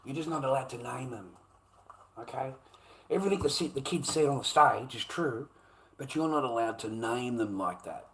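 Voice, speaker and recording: A man's voice: medium pitch, moderate pace, a bit bright, slight background noise. A man delivering a heated, profane, repetitive rant in a monologue. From Australia. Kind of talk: ranting monologue.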